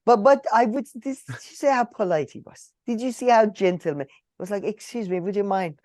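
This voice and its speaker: A male podcast co-host talking politics in a loose, animated way, laughing often and restarting his sentences. His pitch swings widely, and his voice sounds dry and close. He is heard in a casual conversation with his co-host. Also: fairly quick, no room sound.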